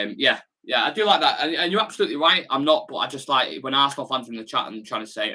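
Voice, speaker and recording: A mid-range, brisk voice with a sharp tone belongs to a young man from Salford, England. Speaking with a Salford, Manchester accent, this football fan channel host runs a watch-along, reads viewer comments aloud and chats bluntly in slang.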